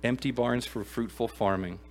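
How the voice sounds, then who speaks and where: A man preaching a sermon to a live congregation in a church, emphatic and earnest, swinging from loud exclamations to quiet asides and asking the room questions. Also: medium pitch, normal speed, a little hiss or hum. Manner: addresses the congregation directly with questions. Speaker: pastor.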